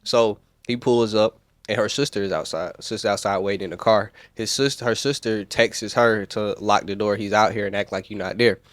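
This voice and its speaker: A man's voice: fairly low pitch, steady tone, moderate pace, no room sound. A man with a Southern US accent hosting a podcast, recapping in a loose, rambling way and correcting himself as he goes. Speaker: podcast host. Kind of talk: casual commentary.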